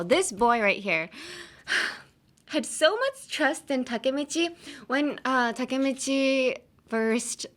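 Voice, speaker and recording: Fairly high-pitched and fairly bright, the voice belongs to a young woman in her twenties who hosts an English-learning podcast. Her lesson is casual conversation, broken up by frequent laughter.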